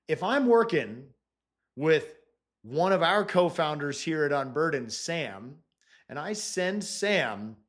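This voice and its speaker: Male presenter, mid pitch, upbeat and playful, big swings from loud lines to quiet asides. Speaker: presenter teaching AI prompting. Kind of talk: upbeat joking talk to an audience.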